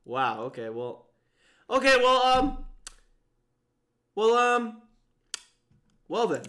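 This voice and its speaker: Excitable high-voiced young man streaming. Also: slow. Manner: excitable, exclaiming in disbelief, thinking aloud. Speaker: streamer playing and commentating an online mafia game. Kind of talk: live game commentary.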